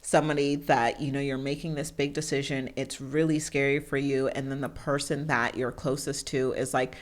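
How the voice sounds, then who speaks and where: A young woman with a notably low voice chats as a podcast guest. She tells her story with animation, briefly acting out the people in it. She is from North Carolina. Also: level tone, moderate pace. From Charlotte, North Carolina. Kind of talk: casual podcast interview.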